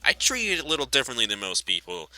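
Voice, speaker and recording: A man calling a sim racing event with excitable play-by-play, his voice climbing high in tense moments, then chatting through the replays. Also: fast, dry recording, rough recording. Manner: excitable, pitch shooting up at close racing. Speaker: race commentator.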